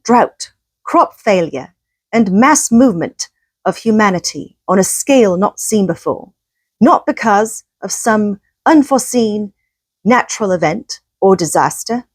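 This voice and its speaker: A woman's voice: on the high side, a little mellow, slightly rough, no echo, clean studio sound, voice pushed up. A woman doing a pompous English politician. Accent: put-on English. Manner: grandiose, oratorical delivery. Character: pompous British male politician giving a grand speech.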